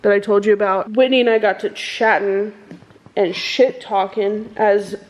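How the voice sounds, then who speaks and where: A woman's voice: mid-range voice, fairly even intonation, normal speed. A young woman vlogging casually about her reading, chatty and rambling with lots of fillers. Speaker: book vlogger. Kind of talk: casual vlog chat.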